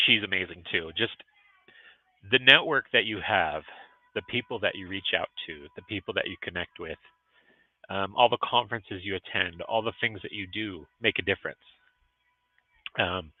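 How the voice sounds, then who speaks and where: Earnest low-voiced man on a tinny phone line. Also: no echo. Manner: earnest and encouraging, emotional at times. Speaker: vlogcast host. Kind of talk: motivational livestream vlog. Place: restaurant.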